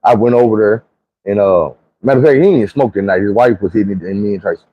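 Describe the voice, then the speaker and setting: A man's voice: quick pace, muffled recording. A man telling a comic story in a casual, profane, rambling way. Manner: profane, slangy, rambling, leaps into high squeaky voices for quotes.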